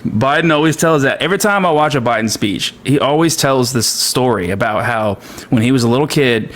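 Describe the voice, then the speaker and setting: A man's voice: mid-range voice, expressive, fairly quick, a bit bright. Rambling man in casual chat. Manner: rambling, heavy on fillers. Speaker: comedic streamer.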